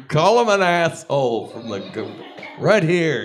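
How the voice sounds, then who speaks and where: A male stand-up comic with a fairly high voice and an unhurried delivery. His pitch swings widely as he tells crude stories and laughs at his own lines. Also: very animated, a little hiss or hum. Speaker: stand-up comedian. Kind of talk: stand-up comedy set. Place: comedy club stage.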